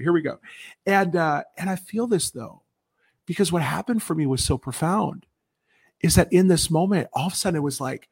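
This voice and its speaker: A man's voice: high voice, vocal fry, breathy edge. A man sharing an earnest personal testimony on a Christian broadcast, preaching with emphasis and often restarting his sentences. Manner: earnest, emphatic preaching tone with rapid self-corrections. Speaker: guest speaker.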